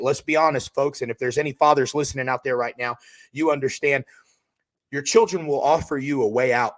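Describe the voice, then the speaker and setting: A man, hosting a profane motivational podcast, loud and hyped, turning quiet and emotional. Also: mid-range voice, fairly even intonation, a little fast. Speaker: podcast host and roofing company owner.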